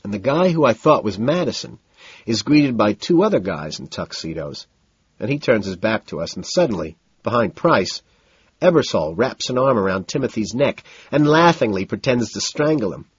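A male narrator reads a first-person story in a cool, detached way, cataloguing details one after another. His voice is husky but moves lively in pitch. The recording is dry and a little dull. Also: normal speed, no echo.

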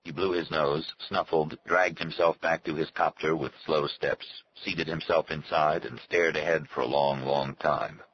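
A man giving a steady, measured reading of a novel as its narrator. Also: extremely low pitch, breathy edge, lo-fi sound. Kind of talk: scripted audiobook narration.

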